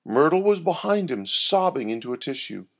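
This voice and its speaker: Man, storyteller, scripted narration, gravelly, animated pitch. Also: moderate pace.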